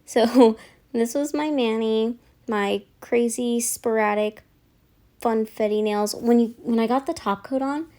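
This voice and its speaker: A woman's voice: medium pitch, mellow. A young woman chatting in a casual voiceover, rambling and chatty, apologizing for how much she talks. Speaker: nail vlogger.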